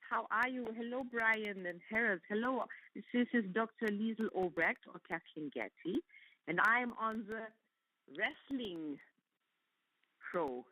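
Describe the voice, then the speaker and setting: Stern soap-opera woman doctor played by an actress, slow drawn-out words, raised pitch, bright tone. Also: no room sound, low-quality recording. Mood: formal greeting. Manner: slow, drawn-out greeting delivery.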